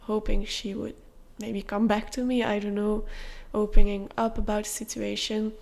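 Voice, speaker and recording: Confessional young woman with vocal fry. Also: medium pitch, little pitch movement, moderate pace. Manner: open, confessional, with soft fillers. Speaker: podcast host. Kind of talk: candid personal storytelling.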